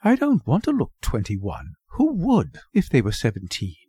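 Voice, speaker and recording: A man's voice: mid-range voice, huge pitch swings, normal speed, warm tone, breathy edge, no room sound, clean studio sound, heavily acted. A man voicing a disdainful, bored seventeen-year-old girl in a storybook reading, languid and scornful.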